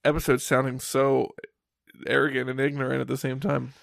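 Gravelly young man co-hosting a podcast. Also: mid-range voice, level tone, fairly quick, no echo, studio quality. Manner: laughs often, self-mocking. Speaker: podcast co-host. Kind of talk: casual chat.

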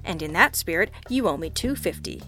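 A woman reading the lines of a wry, deadpan male detective partner in an audiobook, with dry, offhand quips. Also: on the low side, a little fast, soft background music.

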